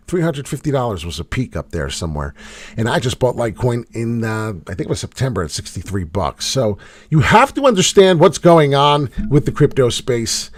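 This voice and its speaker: A man hosting a casual livestream, commenting on charts in a blunt, swearing way, with loud bursts of hype and low mutters. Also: very animated, fairly quick, no echo. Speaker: crypto chart host.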